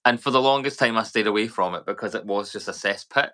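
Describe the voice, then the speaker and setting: Scottish man, podcast co-host, bright forceful tone, rambling, casual. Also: fairly low pitch, fast talker. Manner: rambling, animated storyteller. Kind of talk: casual chat.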